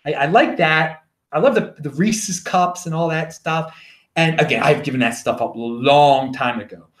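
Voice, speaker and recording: A man with a Baltimore accent hosting his own show, telling stories in a rambling, animated casual monologue. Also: on the high side, normal speed, reverberant. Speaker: show host.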